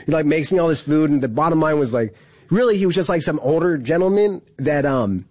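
A man telling a prison story in a loose, rambling way, full of "like" and quick laughs. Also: fairly high pitch, lively intonation, darkish tone, dry recording. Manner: rambling, heavy use of "like", laughs through story. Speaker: incarcerated storyteller. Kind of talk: casual storytelling.

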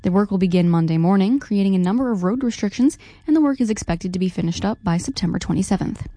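A woman reading the local news on a radio morning show in a brisk, even newsreader delivery. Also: mid-range voice, dry recording. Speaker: news anchor.

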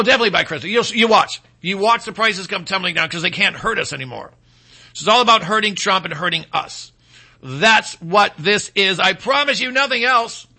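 High, sharp-voiced rambling political host. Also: male voice. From Michigan. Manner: sarcastic, repetitive, emphatic. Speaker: political talk show host.

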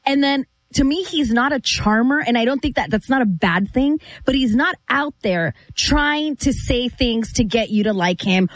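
A woman with a high voice chats about sports in a relaxed way, thinking aloud. She is recorded on a dry, close studio mic. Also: moderate pace, hardly any pauses, no room sound. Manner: conversational, thinks aloud with fillers. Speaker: sports talk co-host. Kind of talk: casual sports debate.

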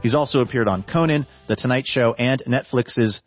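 A man's voice: mid-range voice, moderate pace, dull audio, soft background music. A man introducing a guest comedian as the show's announcer, in a dry, matter-of-fact way. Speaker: show announcer.

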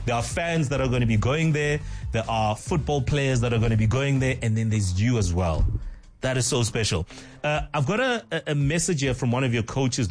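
A South African man interviewing a child, enthusiastic and laughing often. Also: medium pitch.

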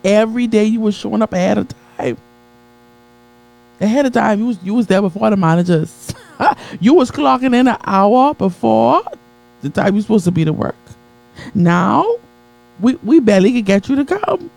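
A motivational preacher addresses a live crowd at a normal pace, with vocal fry and long pauses, using repetition and call-and-response to build momentum. His delivery moves between quiet, low asides and high, excited peaks, captured in a rough recording.

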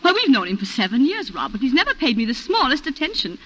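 An actress playing a refined colonial wife who tearfully recounts a shooting, in a 1940s radio drama style. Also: female voice, high voice, very animated, quick pace, fairly bright tone, full character voice. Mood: distraught. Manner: breathless, emotional, refined. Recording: muffled old radio recording.

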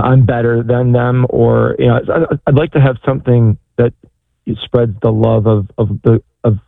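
A man calling in to an advice show, talking hesitantly with many pauses and restarts. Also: on the low side, vocal fry, no room sound. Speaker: caller. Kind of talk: phone-in conversation. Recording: dry, tinny phone line.

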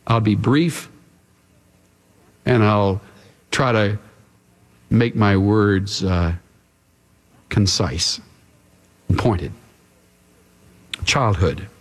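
A man's voice: lowish voice, extremely slow, long pauses, big-room sound. A male pastor preaching an emphatic sermon, addressing the congregation directly.

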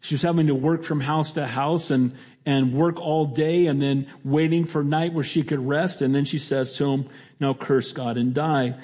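A man's voice: fairly high pitch, steady tone, normal speed, dark tone. A middle-aged male pastor preaching a sermon in a conversational way, often restarting his sentences.

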